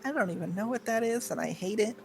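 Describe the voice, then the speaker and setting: A woman's voice: mid-range voice, fast, gravelly, crowd noise. A woman playing in a tabletop game, asking questions and making blunt, dry remarks. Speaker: player.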